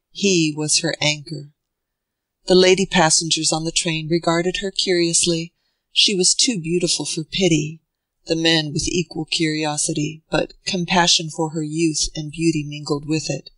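A woman narrating an audiobook of a classic novel in a steady, measured way. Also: on the low side, no room sound, poor audio.

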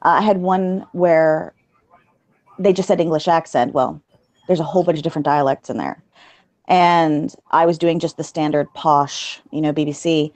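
Low-voiced, chatty woman narrator. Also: fairly even intonation, normal speed, darkish tone, no room sound. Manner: chatty, laughs often, self-deprecating. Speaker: audiobook narrator guest. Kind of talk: casual interview chat.

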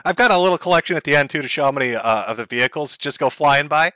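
Sarcastic laughing streamer, bright voice. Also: male voice, fairly high pitch, animated, fast, no room sound. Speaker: streamer host. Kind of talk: mocking live-stream commentary.

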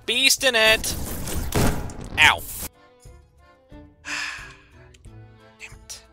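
A man giving goofy, excitable gameplay commentary, breaking into shouted bits. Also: high-pitched, drawn-out words. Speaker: gaming YouTuber. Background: game music.

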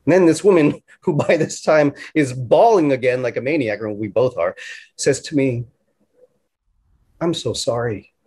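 A man acting a young man who tells a tender, halting story straight to the audience in a stage play. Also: mid-range voice, lively intonation, darkish tone, slightly rough. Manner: halting, emotional storytelling with restarts. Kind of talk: theatrical monologue to the audience.

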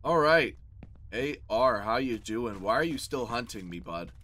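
A man's voice: mid-range voice, animated, a little slow, bright, forceful tone. A man hosting a horror game let's play, joking with the enemy and yelping whenever he gets hit. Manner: jokey, talks to the enemy, yelps when hit. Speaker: gaming channel host.

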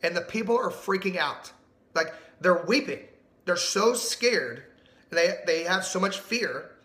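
Male pastor, middle-aged, high bright voice, emphatic sermon delivery, echoey room. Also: measured pace. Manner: animated, emphatic, asks the audience questions.

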